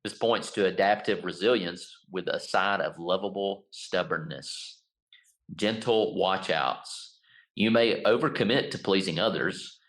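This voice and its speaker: Deep-voiced middle-aged man reading aloud. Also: a little slow, fairly bright tone, low-quality recording. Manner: reads listed points, laughs at own slips. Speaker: podcast co-host. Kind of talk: casual chat, reading a list aloud.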